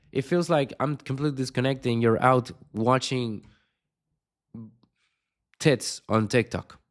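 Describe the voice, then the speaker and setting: A man coaching on sales in an unscripted video lesson, blunt and swearing constantly, with punchy emphatic delivery. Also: mid-range voice.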